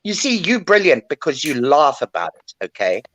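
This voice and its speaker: A woman's voice: low voice, sing-song, normal speed, a bit bright, no room sound. An older woman talking bluntly and emotionally in a casual chat, calling in to a show. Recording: dull lo-fi line.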